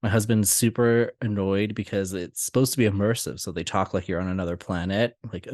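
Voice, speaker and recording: A young man with a fairly low voice chats on a podcast, telling lively stories and laughing often. The sound is dry and close, with no room echo. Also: normal speed. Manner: laughing often, animated storytelling. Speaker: podcast co-host. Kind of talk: casual chat.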